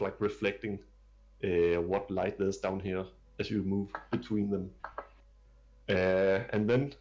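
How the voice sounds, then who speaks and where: A man's voice: lowish voice, darkish tone. A man narrating a tabletop game as dungeon master, describing scenes in a hesitant way full of fillers.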